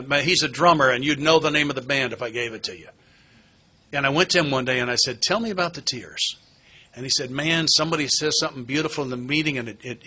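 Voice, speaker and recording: A man's voice: medium pitch, pushed and bright. A middle-aged man giving a candid personal testimony at a recovery meeting, earnest and plain-spoken with touches of wry humor. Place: meeting hall.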